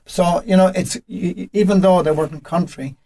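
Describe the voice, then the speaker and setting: A man's voice: high-pitched, steady tone, moderate pace, vocal fry, warm tone. A man, a radio presenter, chatting with enthusiasm and lots of praise on a podcast. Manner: enthusiastic, full of praise, restarts often. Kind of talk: casual podcast chat. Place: radio studio.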